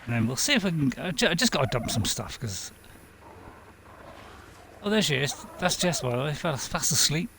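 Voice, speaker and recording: A man streams a game in a loose, rambling chat, often answering his own questions with a chuckle. His voice sits a little high for a man and swings up and down a lot. It has a gravelly edge throughout. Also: big pitch swings, moderate pace, long pauses, a bit bright, slight background noise. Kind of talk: casual gameplay commentary.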